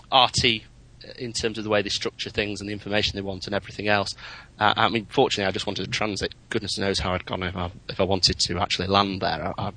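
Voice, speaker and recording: A man in casual chat about flying, chatty and anecdotal, getting animated in his stories. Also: lowish voice, low-quality recording. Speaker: podcast co-host, private pilot.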